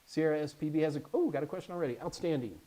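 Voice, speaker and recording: A man hosting a casual live Q&A stream as an IT certification instructor, chatty and animated, with jokey asides. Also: on the high side, very fast.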